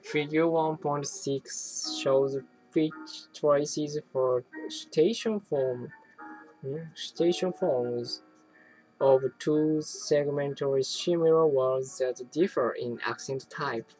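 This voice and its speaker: A person reading an academic text aloud, halting often to restart and correct words. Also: medium pitch, a little mellow, soft background music, poor audio. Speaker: reader.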